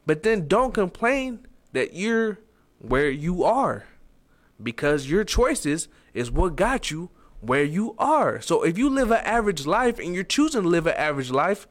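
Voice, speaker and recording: A man delivering a blunt, preachy motivational monologue, cursing freely and jumping to loud emphatic peaks. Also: on the high side.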